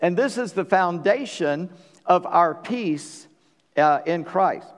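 A man preaching a sermon as pastor, earnest, swinging between loud emphasis and hushed passages. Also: high voice, animated, slow pace. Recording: long reverb of a church hall.

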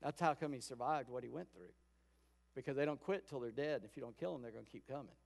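A pastor giving a sermon in a conversational storytelling way, acting out quoted lines. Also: male voice, mid-range voice, fast, vocal fry, darkish tone. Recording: long hall reverb.

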